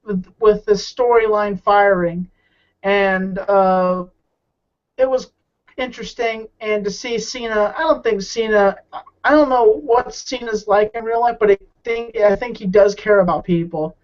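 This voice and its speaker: In muffled, lo-fi audio, a guest with a high-pitched, slightly slow voice chats casually in an interview. He rambles and hesitates, often starting his sentences over.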